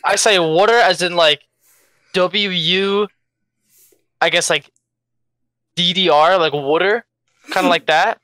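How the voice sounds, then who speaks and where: A young man with a strong Philadelphia accent talks in a laid-back, halting way, often repeating words. His voice is bright and smooth and fairly high, and it sounds dry and close to the mic. He is a jet-lagged player chatting as an interview guest. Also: fairly even intonation, dry recording. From Philadelphia, USA. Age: young adult. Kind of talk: casual interview answers.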